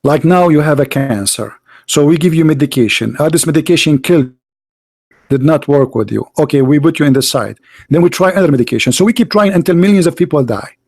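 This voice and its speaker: A man with a somewhat high voice holds forth in an argumentative monologue. He is emphatic and scornful and repeats words for force. He swings between loud outbursts and low, muttered asides. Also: lively intonation, quick pace. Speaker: street debater.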